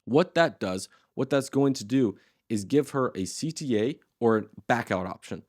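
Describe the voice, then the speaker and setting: A man's voice: mid-range voice, animated, moderate pace, no echo, clean studio sound. A man in his twenties teaching a casual tutorial, talking in a loose, slangy and blunt way. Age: 20s. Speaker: course host.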